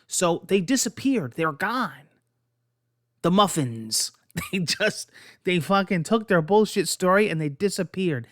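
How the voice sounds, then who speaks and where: A podcast host telling a true story in a casual, profane and animated way. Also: male voice, on the high side, dry recording, clean studio sound.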